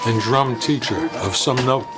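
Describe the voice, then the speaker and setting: A man's voice: medium pitch, measured pace. A man, a former student, recalling with a wry tone how he was first introduced to his teacher. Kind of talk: recollection. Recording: distant voice under loud music.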